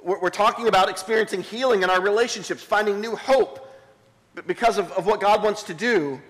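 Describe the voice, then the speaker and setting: Pastor, male, high-pitched, dramatic sermon delivery in a church sanctuary with long reverb. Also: fairly quick. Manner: dramatic, drops to a hushed voice when reading scripture.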